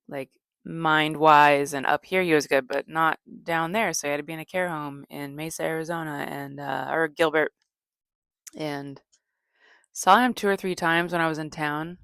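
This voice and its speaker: A woman comedian hosting a podcast, telling stories in a deadpan, low-energy way, rambling with fillers and self-corrections. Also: measured pace, clear, resonant tone, dry recording, clean studio sound. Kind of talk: casual storytelling monologue.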